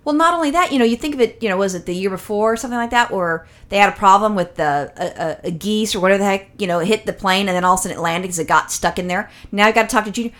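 A woman's voice: medium pitch, racing, few pauses. A woman co-hosting a casual comedy podcast, rambling and profane as she tells stories. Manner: rambling, profane, animated storytelling. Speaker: podcast co-host.

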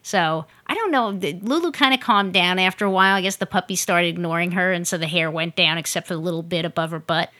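A woman casually telling a story on a podcast, animated and acting out other people's lines. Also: fairly low pitch, fast, few pauses. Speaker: podcast co-host.

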